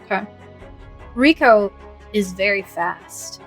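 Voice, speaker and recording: A woman's voice: medium pitch, expressive, slow, faint music behind. A woman running a tabletop game as game master, narrating casually with frequent fillers.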